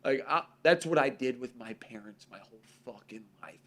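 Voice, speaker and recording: A man's voice: medium pitch, expressive, normal speed, a bit bright. A man co-hosting a casual talk show, swearing freely and telling stories, acting out the voices of people he quotes. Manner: profane, storytelling, acts out quoted voices. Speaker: podcast co-host. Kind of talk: casual chat.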